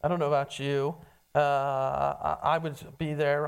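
A preacher delivering a casual, conversational sermon from the pulpit. The voice sits in a middle pitch and speaks directly to the congregation as "friend", often stumbling and doubling words as the thoughts come. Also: level tone, unhurried, creaky, clean tone. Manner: addresses listeners as friend, frequent stammered restarts.

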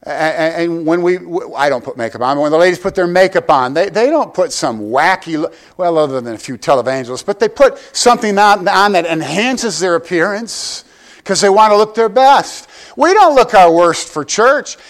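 A man's voice: sits high, animated, moderate pace. An older man preaching a sermon to his church, conversational and joking, often asking the congregation direct questions. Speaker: pastor.

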